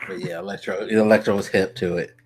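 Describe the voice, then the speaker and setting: A man co-hosting a casual gaming podcast, talking excitedly with lots of swearing and fillers. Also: lowish voice, brisk, background noise. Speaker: podcast co-host.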